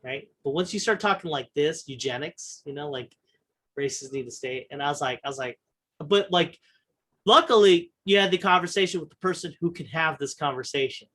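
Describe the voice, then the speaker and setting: A male podcast host with a voice pitched a little above the usual, talking loosely and bluntly. He rambles through his story, doubling back and restarting his sentences and swearing freely in casual chat. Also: normal speed, fairly bright tone. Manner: profane and blunt.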